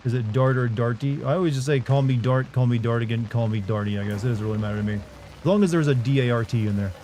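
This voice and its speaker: A man's voice: medium pitch, fast, dark tone, slight background noise. A man streaming a game live, chatting with his viewers in a joking way and trying out silly voices. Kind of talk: live gameplay commentary.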